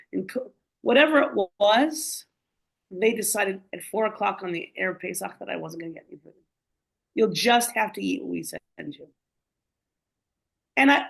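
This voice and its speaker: A woman telling her story in a casual, animated way, rambling with many fillers. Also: mid-range voice, vocal fry, poor audio. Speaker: guest speaker.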